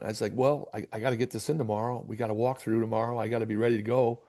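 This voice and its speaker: A man's voice: medium pitch, very fast, few pauses. A middle-aged man from Michigan, a basketball coach being interviewed, telling a long story and acting out the dialogue with frequent restarts. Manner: animated storyteller, acts out dialogue, repeats words.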